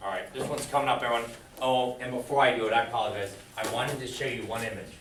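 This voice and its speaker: A man's voice: medium pitch, fairly even intonation, fast talker, fairly bright tone, slight background noise. Male math teacher quizzing a class. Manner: quizzing the class with fill-in questions. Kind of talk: classroom lecture. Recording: echoey room, far from the mic.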